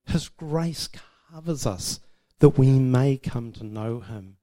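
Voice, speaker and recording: A man's voice: medium pitch, takes it slowly, warm tone. A man giving an informal, self-deprecating testimony about marriage to a church audience, laughing often. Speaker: speaker sharing about marriage.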